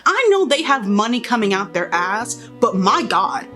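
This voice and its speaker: A young woman with a slightly high voice talks casually as she does her makeup. She rambles through opinionated commentary, full of exasperated asides. Faint music plays behind her. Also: animated, normal speed, few pauses, fairly bright tone. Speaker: beauty and pop culture vlogger. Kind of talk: casual chat while doing makeup.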